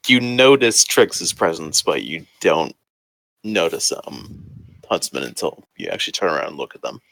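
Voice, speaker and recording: Gravelly laid-back male game master. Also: low-pitched, big pitch swings, moderate pace, fairly bright tone, no room sound. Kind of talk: running a tabletop game over a call.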